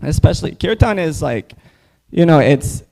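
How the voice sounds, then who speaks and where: A man gives a casual scripture class in a temple hall, filling his speech with "like". His voice is gravelly and dark, and his tone is mellow. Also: on the high side, lively intonation, moderate pace. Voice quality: casual, full of "like" fillers.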